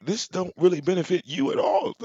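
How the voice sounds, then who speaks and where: A man, telling a story casually to his audience. He talks in an animated, profane way, often repeating words and restarting his sentences. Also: on the high side. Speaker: channel host.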